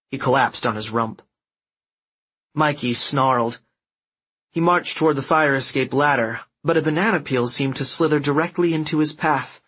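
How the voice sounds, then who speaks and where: A man's voice: mid-range voice, a bit bright, husky. A man reading a first-person story aloud in a wry, dramatic storytelling manner. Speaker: audiobook narrator. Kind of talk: first-person audiobook narration.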